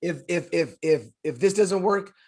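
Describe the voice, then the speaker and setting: A man co-hosting a casual podcast, telling history in an emphatic, drawn-out way with many restarts. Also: high voice, a little mellow. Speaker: podcast co-host.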